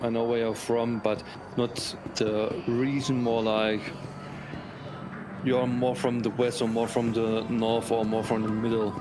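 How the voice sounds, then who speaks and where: A man from Germany chatting casually while gaming, hesitant and measured. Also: mid-range voice, little pitch movement, over music.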